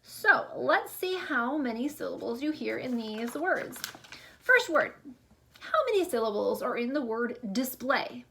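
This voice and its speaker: Young female teacher, high-pitched, unhurried and deliberate, remote class lesson. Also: expressive, sharp tone, slight background noise. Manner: slow, clear, drawn-out teacher delivery. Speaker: elementary school teacher.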